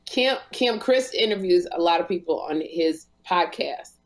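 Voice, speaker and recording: A woman's voice: on the low side, expressive, measured pace. Woman talk show host, easy laughing chat. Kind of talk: casual chat.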